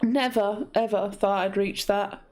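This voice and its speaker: A woman's voice: mid-range voice, fairly even intonation, unhurried, darkish tone. A woman streaming a game live, talking emotionally and apologetically, overwhelmed and in shock. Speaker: gaming streamer. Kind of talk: live gameplay commentary.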